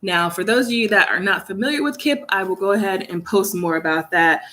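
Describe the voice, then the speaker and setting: A woman's voice: medium pitch, brisk, a bit bright. Chatty young woman live-streaming. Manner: chatty and rambling, many fillers, laughs often. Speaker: vlogger, English teacher in South Korea. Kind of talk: casual live-stream chat. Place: her studio, indoors. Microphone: phone camera.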